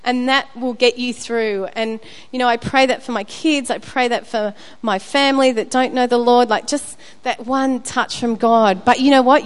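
In a large hall, a woman speaking at church shares her personal testimony through a candid sermon. Her voice is fairly high and smooth, though her delivery is full of restarts and filler words.

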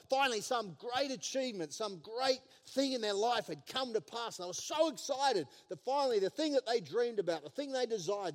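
High-voiced man preaching in a reverberant hall. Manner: animated storytelling, playful asides. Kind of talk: sermon. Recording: long reverb of a large hall.

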